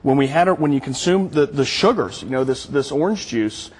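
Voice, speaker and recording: A man's voice: medium pitch, lively intonation, brisk, slight background noise. A man appearing as a guest on a TV show, earnestly explaining a product in interview answers. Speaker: product spokesman, studio guest.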